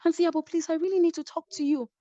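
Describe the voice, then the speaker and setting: A Nigerian-accented woman voicing a younger woman pleading for amends, in a higher, pleading voice. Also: fairly even intonation, rapid-fire, dark tone, no echo, muffled recording.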